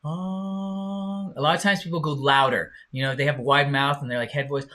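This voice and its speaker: A man's voice: medium pitch, pushed and bright. A man teaching a live online singing lesson, encouraging his students and showing them by singing. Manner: encouraging, slow and drawn-out, demonstrates by singing.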